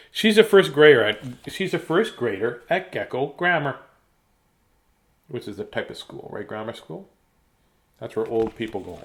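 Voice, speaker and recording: A man hosting a casual read-aloud of picture books for children, playful and jokey, with silly asides. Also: medium pitch.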